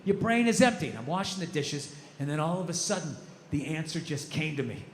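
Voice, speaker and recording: A male stand-up comedian ranting and swearing, swinging from low muttering to shouting. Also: big pitch swings, fairly quick. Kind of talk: stand-up routine. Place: comedy club stage. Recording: noisy stage recording with long reverb.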